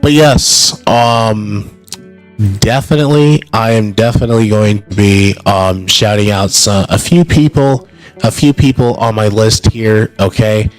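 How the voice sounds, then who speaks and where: A man hosting a casual livestream announcement, rambling and apologetic between drawn-out hype shouts of names. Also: fairly low pitch, faint music behind, poor audio. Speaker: streamer hosting an announcement stream.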